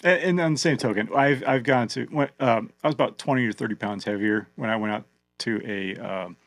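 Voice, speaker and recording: A man with a gravelly, fry-laden voice hosts a casual podcast. He is recorded close and dry, and he tells stories in a chatty, laughing way. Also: mid-range voice, brisk, fairly bright tone, dry recording. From Oregon. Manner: chatty, laughs easily, storytelling. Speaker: podcast host.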